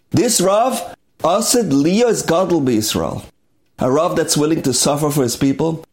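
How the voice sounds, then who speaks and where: A man's voice: mid-range voice, a little mellow. A man preaching a sermon and telling a story with emphatic, dramatic delivery.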